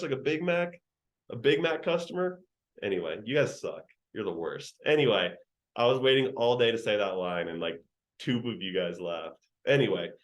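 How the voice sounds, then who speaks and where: Slangy young man running a training call. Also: medium pitch. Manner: slangy, joking, teasing the trainees. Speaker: sales trainer. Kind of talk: virtual training session.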